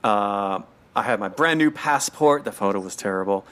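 A man's voice: fairly low pitch, lively intonation, normal speed, a bit bright. A middle-aged American man casually chatting as a podcast host, rambling through a story with many fillers. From United States. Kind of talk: casual chat.

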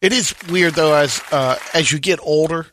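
A man's voice: on the high side, normal speed, fairly bright tone, a little hiss or hum. A man co-hosting a talk show, musing aloud in a hesitant way. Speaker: co-host. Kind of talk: casual chat.

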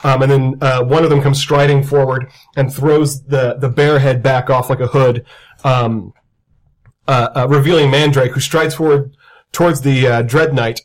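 A man getting over a cold, playing in a tabletop game and describing his moves with many pauses and restarts. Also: medium pitch, fairly even intonation. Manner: hesitant, many fillers and restarts. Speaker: player. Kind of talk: tabletop role-play chat.

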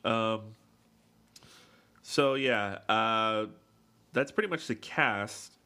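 A man's voice: on the low side, very slow, sharp tone, clear, resonant tone. A man co-hosting a casual movie podcast, rambling and swearing freely as he talks through the film. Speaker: podcast co-host.

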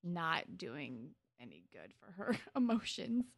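A woman's voice: fairly low pitch, sing-song, takes it slowly, vocal fry, no room sound, studio quality. A woman co-hosting a casual podcast, walking through TV scenes and quoting the characters with bursts of emphasis. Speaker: podcast co-host. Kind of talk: casual chat recapping a TV episode.

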